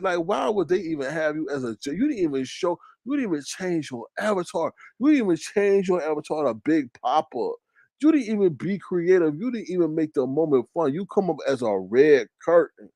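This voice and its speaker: A young man hosting a casual commentary stream, ranting loudly and mockingly to his live chat, swearing often. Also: lively intonation, moderate pace, no echo. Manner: loud, profane, mocking rant with big pitch swings. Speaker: commentary show host.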